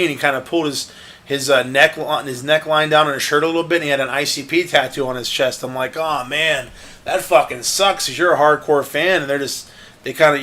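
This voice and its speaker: A man's voice: on the high side, a bit bright. A young man rambling through a casual story, swearing often and restarting his sentences with lots of fillers.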